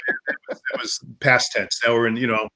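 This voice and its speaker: A man's voice: medium pitch, wildly swooping pitch, normal speed, sharp tone, poor audio. A man chatting casually as a podcast guest, agreeable and playful, chuckling often. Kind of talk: casual chat.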